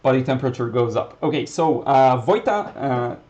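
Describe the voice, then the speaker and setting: A man's voice: medium pitch, normal speed, lo-fi sound. A man with an Israeli accent, a native Hebrew speaker, casually teaching watercolor on a livestream and answering chat questions, thinking aloud. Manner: relaxed, thinking aloud, with fillers and restarts. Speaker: watercolor instructor.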